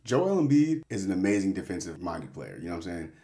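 A man's voice: sits low, very animated, fast talker, dark tone. A man hosting a casual sports talk show, laid-back and cursing freely as he gives his picks. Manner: laid-back, swears casually, self-interrupting. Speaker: podcast host.

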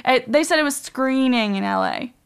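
With a high-pitched, smooth voice touched by vocal fry, a woman narrates a story on her podcast at a normal speed, expressive and rambling. She fills her speech with plenty of "um" and "like."

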